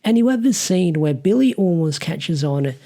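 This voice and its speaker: Speaking at a moderate pace in an animated mid-range voice with a dark tone, an Australian comic reviewer walks through a storyline. His delivery is loose and meandering, packed with filler words.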